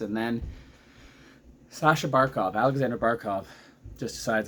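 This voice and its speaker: A man in his thirties recaps a hockey game in a chatty vlog. His voice sits at an ordinary middle pitch, and his delivery is excitable and rambling. He often stops mid-sentence to hunt for a detail, and a faint hiss runs under the recording. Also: normal speed, long pauses. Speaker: vlogger, hockey fan. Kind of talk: casual game recap commentary.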